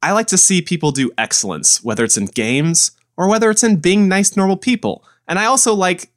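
A man's voice: sits high, lively intonation, brisk. A man in his twenties, co-hosting a podcast, ranting in casual chat with plenty of exasperated rhetorical questions. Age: 20s. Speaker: podcast co-host.

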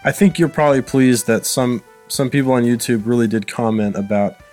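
A man co-hosting a casual podcast, easygoing and a little halting, with a dry sense of humor. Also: mid-range voice, a little mellow, soft background music. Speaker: podcast co-host.

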